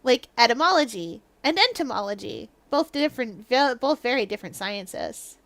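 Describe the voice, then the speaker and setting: A woman's voice: fairly high pitch, sing-song, moderate pace, fairly bright tone, no echo. A young woman gaming streamer chatting casually while she plays, giggly and making jokes. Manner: giggly, jokey. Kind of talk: casual live-stream chat.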